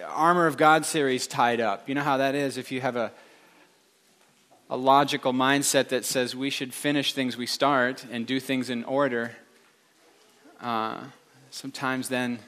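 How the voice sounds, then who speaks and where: A man's voice: mid-range voice, fairly bright tone. A middle-aged male pastor giving a casual, rambling sermon with wry asides and self-corrections. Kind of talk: conversational sermon.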